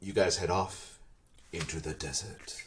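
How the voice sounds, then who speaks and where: A man's voice: deep voice, fairly even intonation, measured pace, a little hiss or hum. A man running a tabletop game as game master, playful and teasing with his players. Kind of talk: casual tabletop banter.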